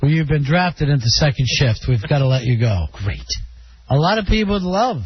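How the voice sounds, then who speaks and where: A man hosting a call-in radio show, teasing callers with quick jokes. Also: on the high side, expressive. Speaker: radio host. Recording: dull lo-fi radio broadcast with faint hiss.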